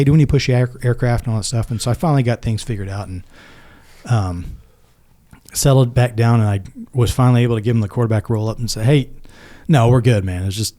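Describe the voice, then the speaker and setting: A middle-aged man, a former Navy SEAL, telling stories casually and acting out the quoted lines in a lively way. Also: medium pitch. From United States. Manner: animated, acts out quoted dialogue. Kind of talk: casual storytelling.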